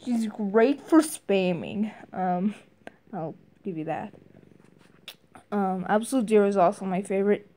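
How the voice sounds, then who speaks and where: A woman's voice: unhurried, mellow, slight background noise. A woman casually reviewing a video game, hesitant, with lots of fillers and restarts. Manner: briefly mimics game character lines in higher voices.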